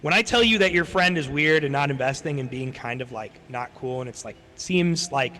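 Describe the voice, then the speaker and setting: A man's voice: medium pitch, fairly quick, hardly any pauses, sharp tone. A man streaming and telling a long casual story, swearing freely and acting out the people he quotes. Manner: rambling, swears a lot, acts out quoted people. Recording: long hall reverb.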